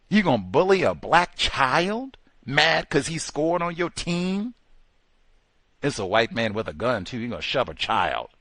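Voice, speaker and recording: A man's voice: lowish voice, sharp tone, dry recording, poor audio. Emphatic, sarcastic male radio host. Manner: emphatic and sarcastic, drawing out key words. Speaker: radio talk show host. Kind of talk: impassioned radio commentary.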